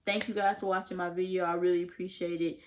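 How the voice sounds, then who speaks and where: This young woman vlogger talks fast in a fairly low voice with flat delivery. Still, her TV episode recap is gushing and slangy, and she performs the characters' lines as she goes.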